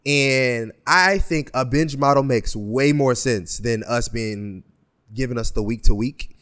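A man's voice: medium pitch, measured pace, a bit bright. A man co-hosting a pop culture podcast, thinking aloud in a casual, hesitant way with frequent restarts. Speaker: podcast co-host.

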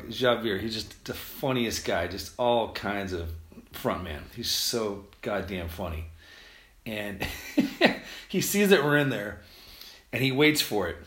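Fast-talking American man, roomy sound. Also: mid-range voice, fairly bright tone. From United States. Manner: fast-talking, rambling with many restarts and fillers. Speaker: podcast host. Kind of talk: casual solo podcast monologue. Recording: roomy echo.

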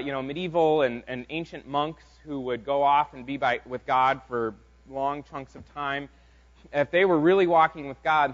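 A man preaching a conversational sermon as pastor, in an informal, halting way with frequent restarts. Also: on the high side, a bit bright. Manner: informal, halting delivery with many fillers and restarts. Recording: dull lo-fi sound.

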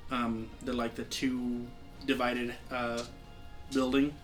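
A man's voice: medium pitch, little pitch movement, slow pace, faint music behind. A man with a sore throat narrating a tabletop game as game master, rambling with many fillers and restarts.

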